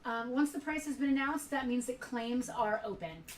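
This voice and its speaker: A woman's voice: on the high side, moderate pace, far from the mic, a little hiss or hum. A woman co-hosting a live sale stream in a casual, rambling way, with many fillers. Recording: roomy, from off the mic.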